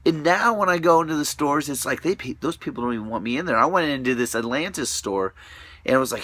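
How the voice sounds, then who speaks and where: A man's voice: medium pitch, lively intonation, fairly quick, sharp tone, no room sound. A man talking to camera in a rambling, profane monologue, restless and often trailing off into mutters.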